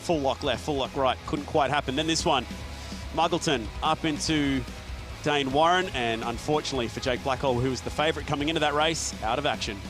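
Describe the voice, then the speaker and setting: A man commentating a sim racing event in a chatty, energetic way. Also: medium pitch, a little fast, over music. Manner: energetic, chatty, laughs often. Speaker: esports race commentator. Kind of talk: sports commentary.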